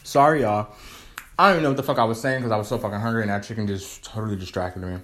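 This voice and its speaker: A man hosting a casual solo podcast, rambling and swearing freely, now and then eating while he talks and jumping into high playful tones. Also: racing, a bit bright. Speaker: podcast host.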